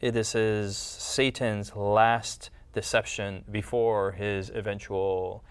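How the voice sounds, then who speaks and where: A man's voice: lowish voice, level tone, takes it slowly, clear, resonant tone. A man hosting a casual religious discussion, thinking aloud with many fillers and restarts. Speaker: podcast host.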